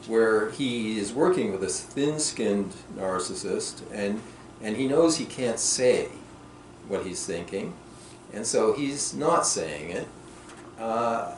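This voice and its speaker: Man speaking from far in a roomy hall. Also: lowish voice. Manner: thoughtful, slows down and trails off softly. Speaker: author answering questions at a workshop. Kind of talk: reflective clinical discussion. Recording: roomy and distant with faint noise.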